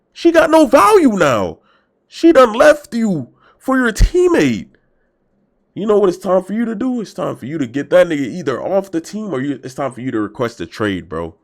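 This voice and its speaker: A young man hosting a reaction video, talking in loud, emphatic slang and swinging between shouts and mutters. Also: fairly high pitch. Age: young adult. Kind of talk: casual reaction commentary.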